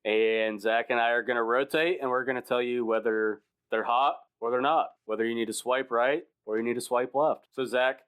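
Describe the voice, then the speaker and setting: A man's voice: mid-range voice, steady tone, normal speed, few pauses, a bit bright, clear, resonant tone. A man co-hosting a sports podcast, leading segments in an upbeat, playful, casual way.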